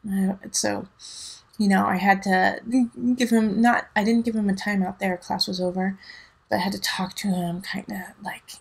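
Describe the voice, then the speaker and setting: A woman's voice: mid-range voice, flat delivery, moderate pace, gravelly, breathy edge. A woman, a tarot reader and mother, chatting casually and rambling as she gives a reading, laughing often. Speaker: dance teacher and mother.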